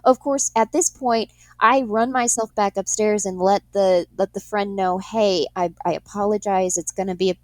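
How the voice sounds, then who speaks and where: A young adult woman, a guest, telling stories in an animated way, laughing a lot and acting out what people said. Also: medium pitch, normal speed, few pauses, no echo. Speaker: guest, in-home pet euthanasia worker. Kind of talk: storytelling in an interview.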